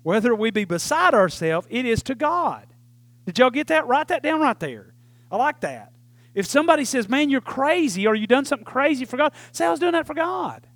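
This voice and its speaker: A male preacher delivers a folksy, animated sermon with frequent "right?" asides. His voice sits very high for a man. The sound is dry and close, with no room echo. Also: a little fast.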